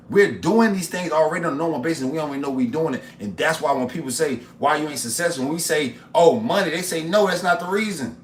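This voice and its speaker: A man talks to his live chat from a home kitchen, riffing on life lessons and repeating himself with upbeat energy. His voice sits slightly high for a man. The room sounds echoey, with faint background ambience. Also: slight background noise. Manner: upbeat, preachy motivational riffs, repeats phrases, talks to chat. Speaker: cooking and motivation streamer. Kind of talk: casual live-stream talk while cooking.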